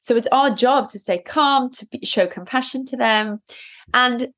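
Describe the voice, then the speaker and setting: Higher-voiced woman giving earnest parenting advice. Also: unhurried, fairly bright tone. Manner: earnest, advising, many "like" and "you know" fillers. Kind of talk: casual podcast chat.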